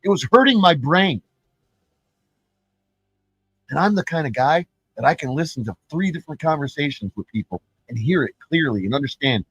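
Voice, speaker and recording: Man, streamer, ranting commentary, profane, rambling, slightly high voice, dry sound. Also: lively intonation, moderate pace, pauses often, slightly rough, no room sound, rough recording. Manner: repeats and restarts words.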